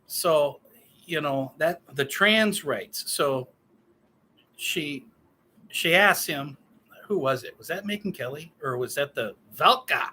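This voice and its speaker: A man's voice: medium pitch, measured pace, bright, forceful tone, slight background noise. A man in his fifties giving a solo political rant, profane, sarcastic and heated. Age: 50s. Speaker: political commentator.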